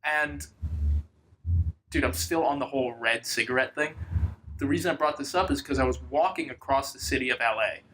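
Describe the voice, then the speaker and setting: A man's voice: mid-range voice, fairly quick, sharp tone, low-quality recording. A young man telling a rambling story in casual chat as a podcast co-host, swearing freely.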